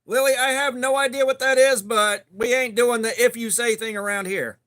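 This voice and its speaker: This livestream host speaks with a drawl, keeping things laid-back and friendly as he greets viewers by name in casual conversation. His voice is unusually high, bright, and forceful, with a steady tone at normal speed.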